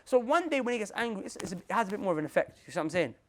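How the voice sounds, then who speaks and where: A young man preaching to a room of listeners in a quick, restless flow. His pitch leaps up and down as he repeats points and drops in street slang, turning to the audience again and again. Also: slight background noise. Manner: animated, repetitive, slangy, addresses listeners directly. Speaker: Muslim preacher. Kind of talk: lively motivational talk to a group.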